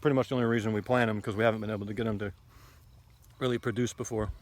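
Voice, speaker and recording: A man's voice: fairly low pitch, fairly even intonation, racing. A man giving a casual, rambling tour of his garden outdoors. He is blunt and opinionated and fills his talk with ums and asides. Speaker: homesteading vlogger.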